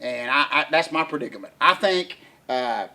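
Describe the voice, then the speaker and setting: Middle-aged man, rambling casual talk, slightly high voice, many uhs and restarts. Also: expressive, normal speed, sharp tone. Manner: rambling Southern storyteller, many fillers and restarts. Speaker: podcast co-host, veteran wrestler.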